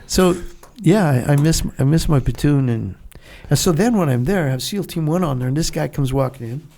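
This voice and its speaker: An older man in his seventies with a gravelly, mellow voice. He tells blunt, salty stories in a relaxed interview setting and briefly slips into the voices of the people he quotes. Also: fairly high pitch, fairly quick. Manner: blunt, profane storytelling that acts out dialogue. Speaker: guest, Vietnam veteran. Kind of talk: casual storytelling interview.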